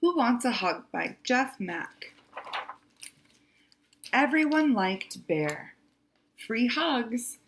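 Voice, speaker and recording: Gentle, slow-paced story time librarian woman. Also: a little high, very animated, a little hiss or hum. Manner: gentle and instructive. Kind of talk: reading a picture book to young children.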